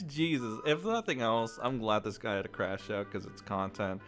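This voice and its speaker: A man's voice: fairly low pitch, moderate pace, a bit bright, faint music behind. A man doing profane, mocking reaction commentary who swears a lot and keeps breaking into laughter. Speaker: YouTube commentator.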